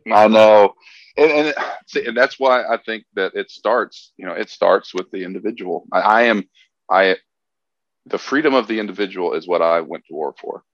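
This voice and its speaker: A man's voice: fairly low pitch, moderate pace, no room sound, dull audio. A man chatting casually on a podcast, earnestly retelling stories with quoted dialogue. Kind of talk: casual chat.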